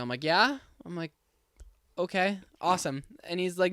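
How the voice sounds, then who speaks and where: A young man on a podcast telling a long story, animated and acting out both sides of the conversation. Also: high voice, normal speed, no echo, clean studio sound. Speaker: podcast co-host. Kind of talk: casual storytelling.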